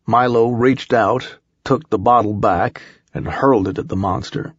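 A man narrating a first-person audiobook in a measured, unhurried storytelling manner. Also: medium pitch, husky, no room sound, lo-fi sound.

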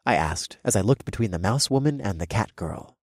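Deep husky male audiobook narrator. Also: lively intonation, a little fast, dry recording, clean studio sound. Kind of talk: first-person fantasy audiobook narration.

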